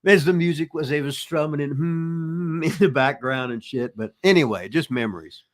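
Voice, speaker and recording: An older man, his voice sitting a little high. He rambles through profane wrestling yarns, circling back and restarting sentences as he goes. He sounds like a relaxed, chatty storyteller. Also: normal speed. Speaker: retired pro wrestler answering listener questions. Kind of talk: casual storytelling chat.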